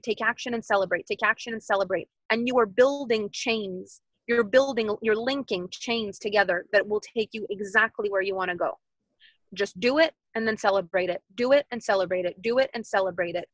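A woman's voice: medium pitch, no room sound, rough recording. A woman in her thirties, a podcast guest talking casually and animatedly, repeating her points like mantras. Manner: animated, repetitive motivational phrasing.

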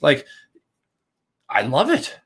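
A young man co-hosting a casual sports podcast, telling excited stories with lots of "like" and some swearing. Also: a little high, takes it slowly, husky. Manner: excitable, swears, animated storytelling. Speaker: podcast co-host.

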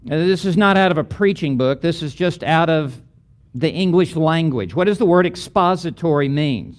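A man's voice: on the high side, animated, moderate pace. A middle-aged man teaching a lecture on preaching, building emphatic, rhythmic lists of repeated phrases.

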